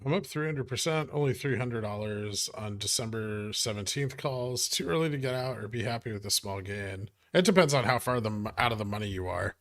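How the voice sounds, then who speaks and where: A man's voice: lowish voice, lively intonation, fairly quick, hardly any pauses, fairly bright tone. A man hosting a live stock market stream, talking casually and reading chat aloud, with wry, profane, ranting asides. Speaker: livestream host.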